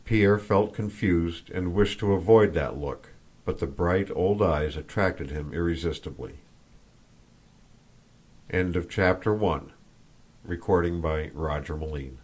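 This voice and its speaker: Deep-voiced man narrating an audiobook. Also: a little slow, darkish tone. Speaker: audiobook reader. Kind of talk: scripted narration.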